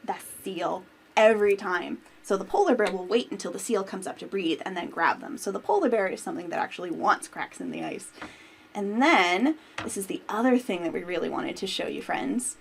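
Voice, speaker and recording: A woman's voice: mid-range voice, brisk, creaky, a little hiss or hum. A woman working as a museum teacher, hosting a children's storytime and lesson in an upbeat, friendly way that speaks to kids directly.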